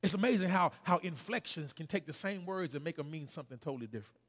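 A man preaching a sermon as pastor, calling on the congregation to respond and building to shouted climaxes. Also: fairly high pitch, expressive, fast talker. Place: church sanctuary. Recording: long hall reverb.

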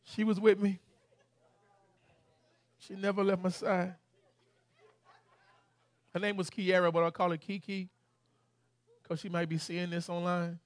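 A man with a Southern US accent preaching a sermon. He shouts scripture, then tells a story in a softer, halting voice. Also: sits high, flat delivery, dry recording. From Southern United States.

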